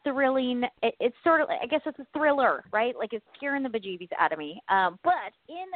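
A woman's voice: fairly high pitch, animated, brisk, no echo. A woman co-hosting a casual radio chat, bubbly and rambling, laughing often, sounding stressed and tired. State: stressed and exhausted. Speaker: co-host. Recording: tinny phone line, dry.

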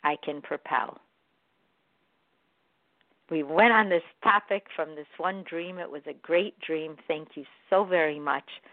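A woman hosting a morning show, talking in a gentle, encouraging way about dreams and self-love with repeated soothing phrases. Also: deep voice, unhurried, pauses often, no echo. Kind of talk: spiritual self-help talk. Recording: phone-like narrow sound.

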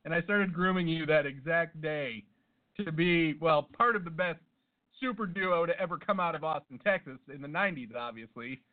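Deadpan man joking on a tinny line. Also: on the high side, moderate pace. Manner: deadpan, absurd riffing. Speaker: podcast co-host. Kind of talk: casual comedic banter. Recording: tinny phone-like sound.

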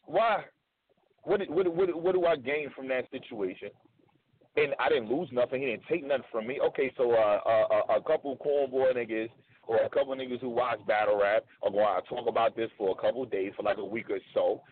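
A man's voice: mid-range voice, a little fast. A man guesting on a radio show, telling his side in a blunt, emphatic way and repeating points for stress. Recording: phone-like narrow sound.

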